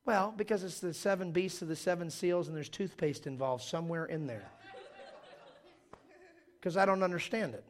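A middle-aged man preaching a sermon, his voice a bit high for a man. He tells stories with an animated, jokey delivery and acts out the people he quotes. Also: moderate pace, long pauses. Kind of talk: sermon with storytelling.

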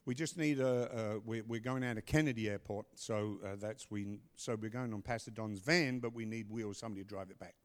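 A middle-aged man telling a story and giving announcements at a church service, animated, with loud bursts. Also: fairly low pitch, fairly quick, few pauses. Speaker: pastor.

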